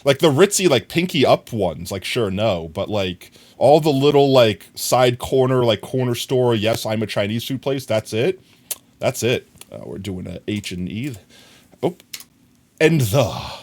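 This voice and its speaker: Streamer guy, casual rambling storyteller, mid-pitched, animated asides to chat. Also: a little slow. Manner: rambling, animated, acts out voices in quotes.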